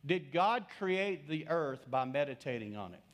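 A man's voice: on the high side, big pitch swings, measured pace. A middle-aged male pastor preaching a sermon, telling a story and putting questions to his congregation.

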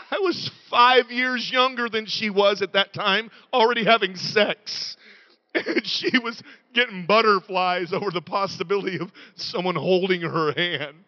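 A middle-aged man preaching a sermon in a church, moving between quiet confession and loud shouting. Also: high voice, measured pace, muffled recording.

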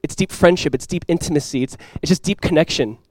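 Fast-talking young pastor preaching. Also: male voice, dry recording. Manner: swings from quiet earnest lows to loud excited highs; casual and conversational, with many "like" fillers. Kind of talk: sermon.

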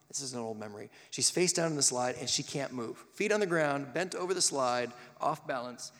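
A man preaching a live sermon, animated and acting out the quotes and stories he tells. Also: a little high, big-room sound.

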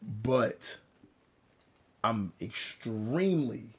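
A man co-hosting a casual podcast, his voice hoarse and worn out. He speaks openly and reflectively at a middling pitch, cursing now and then and repeating words to drive a point home. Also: normal speed. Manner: open and reflective, swears freely, repeats words for emphasis. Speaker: podcast co-host. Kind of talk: candid casual podcast chat.

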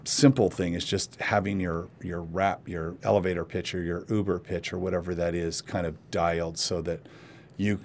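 A man's voice: low voice, steady tone, moderate pace, a little mellow, a little hiss or hum. A man hosting a casual interview podcast, rambling with many restarts. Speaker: podcast host.

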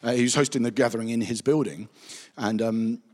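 A man, a pastor giving a chatty, anecdotal Bible teaching with animated asides. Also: medium pitch, brisk. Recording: reverberant hall.

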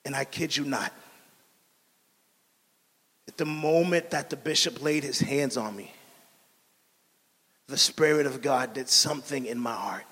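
A man giving a preached personal testimony as a missionary, telling his story earnestly and dropping soft and quiet on key lines. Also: mid-range voice, unhurried, pauses often, husky, in a large hall.

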